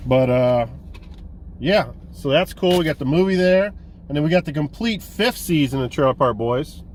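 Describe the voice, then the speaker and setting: A man hosting a casual collecting vlog, excited and rambling, swearing now and then. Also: on the high side, moderate pace, a little hiss or hum. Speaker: host of a physical media collecting vlog.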